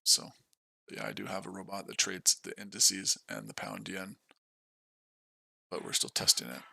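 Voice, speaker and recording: A low, gravelly man hosts a live trading stream, tired after a sleepless night. He sounds matter-of-fact and casual, and his voice is dry and close with nothing around it. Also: animated, moderate pace, pushed and bright, dry recording. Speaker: day trader and stream host.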